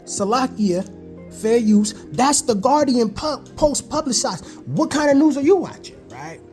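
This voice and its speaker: A man preaching excitedly over news clips and scripture, calling out to listeners with "man" and "listen". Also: very high-pitched, measured pace, soft background music. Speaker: online preacher reacting to news videos. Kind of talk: live video reaction with scripture reading.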